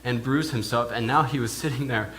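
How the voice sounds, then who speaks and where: A male minister plays an awed village pig herder, speaking at an ordinary middle pitch. He stumbles, repeats and restarts his words as he tells of what he saw. A faint hiss sits under the voice. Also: brisk, a bit bright, natural voice. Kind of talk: in-character first-person sermon monologue. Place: church.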